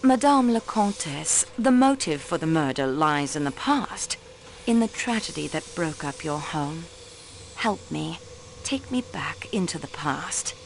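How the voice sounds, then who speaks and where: An actress playing a young railway clerk questioning suspects in a murder mystery game, probing and coolly observant. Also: female voice, low voice, expressive, a little slow, vocal fry, slight background noise, exaggerated voice, rough recording. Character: sharp young female railway clerk acting as detective.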